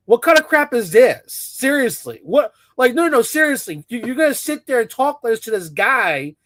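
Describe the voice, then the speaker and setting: Man, high voice, angry profane rant, dry close recording. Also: lively intonation, moderate pace, a bit bright, dry recording. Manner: profane, ranting, scornful. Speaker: commentator reacting to a clip. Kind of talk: angry reaction commentary.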